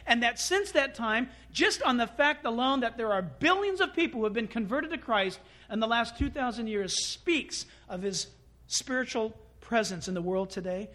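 A male pastor preaching a sermon, animated and acting out quoted voices. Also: very high voice.

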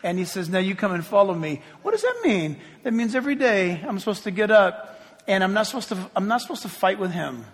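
A man with a high voice preaches as pastor to his congregation. He is emphatic, dropping to hushed asides and then swelling into loud, ringing appeals. His voice carries a long reverb from a large hall. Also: very animated, a little fast, breathy edge. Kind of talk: sermon.

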